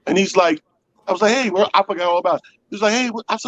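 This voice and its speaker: A man's voice: high-pitched, rapid-fire, a little hiss or hum, low-quality recording. A man telling a comic story in casual talk, acting out the voices of the people in it. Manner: animated, acts out quoted voices. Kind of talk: comedic storytelling.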